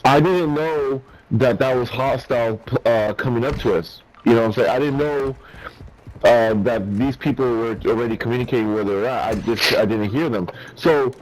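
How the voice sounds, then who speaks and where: A man's voice: mid-range voice, moderate pace, low-quality recording. A man in casual gaming chat who rambles and repeats himself while explaining. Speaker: gamer streaming with a friend.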